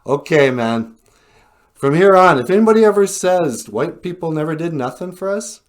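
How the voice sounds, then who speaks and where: A man voicing a joking, excited group of Native men in a comic retelling. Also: normal speed, close to an everyday voice. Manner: high, excited, jokey exclamations.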